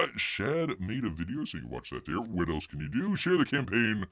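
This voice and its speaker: A man's voice: low-pitched, huge pitch swings, fairly quick, few pauses, a bit bright. A man hosting a casual livestream, rambling with jokey asides and calling himself by name in the third person. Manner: jokey asides and silly voices. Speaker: livestream host.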